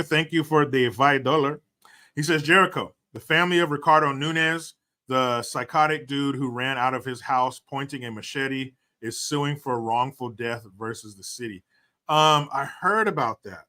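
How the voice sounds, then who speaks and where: A man's voice: mid-range voice, sharp tone. A man hosting a casual livestream, reading out viewer donations and answering them in a blunt, profane, joking way. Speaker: livestream host.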